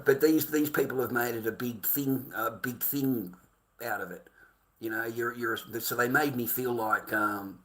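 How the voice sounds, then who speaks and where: A man's voice: mid-range voice, fairly bright tone. A middle-aged Australian man ranting to his livestream chat, swearing constantly and calling viewers mate and boys.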